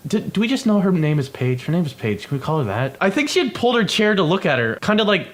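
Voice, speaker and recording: A young man tells a story in casual chat, his voice sitting a bit high for a man. He rambles and swears freely, trailing off and restarting mid-sentence as he works his way through the tale. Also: very animated, quick pace. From Canada. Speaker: podcast co-host.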